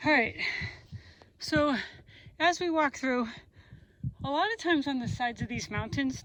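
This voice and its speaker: A woman's voice: sits high, a little slow, long pauses, fairly bright tone, no room sound, poor audio. Chatty woman vlogging on a trail. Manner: chatty, upbeat storytelling. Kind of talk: casual outdoor vlog. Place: outdoors on a mountain trail.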